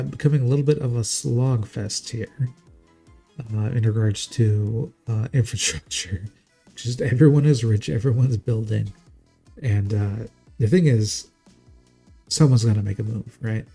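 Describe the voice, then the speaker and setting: A man's voice: medium pitch, creaky, mellow, husky. A man casting a strategy game live in a casual, jokey, chatty way. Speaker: game caster.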